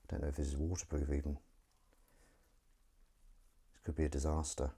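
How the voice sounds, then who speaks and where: A man's voice: very deep voice, monotone, a little fast, noisy background. A man live-streaming from his home kitchen sink, chatting casually while he washes up and making self-mocking jokes. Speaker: streamer washing dishes live.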